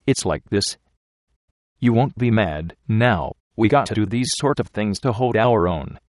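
A man voicing a rough young working-class husband who talks in slangy speech with dropped endings. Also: lowish voice, animated, a little slow, dry recording, clean studio sound. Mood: amused. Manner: slangy drawl, dropped g's.

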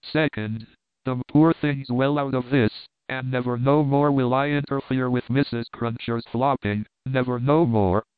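A man voicing a solemn, trembling working-class servant who talks slowly and preachily in rough dialect. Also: mid-range voice, steady tone, no echo, natural voice. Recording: dry, phone-like narrow sound.

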